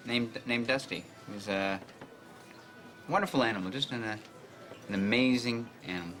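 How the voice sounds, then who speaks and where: A man's voice: mid-range voice, moderate pace, bright, forceful tone, soft background music, natural voice. A man playing an awkward, stammering young boss. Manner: hesitant, stammering, earnest. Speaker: news director boss. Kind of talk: sitcom acting.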